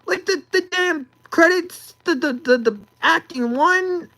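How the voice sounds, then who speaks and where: A woman's voice: high voice, big pitch swings, moderate pace, hardly any pauses, a bit bright, low-quality recording. A young woman ranting about a movie, exasperated, sighing and repeating words as she talks.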